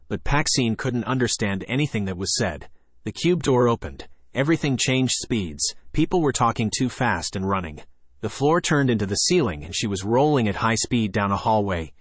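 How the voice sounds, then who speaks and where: Low-voiced male audiobook narrator. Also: fairly bright tone, dry recording.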